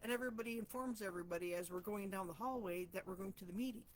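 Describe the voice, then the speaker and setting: A woman's voice: mid-range voice, very fast, slight background noise. A woman hosting a personal reflection talk, speaking in a heartfelt, rambling, self-searching way. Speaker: host of a reflection channel.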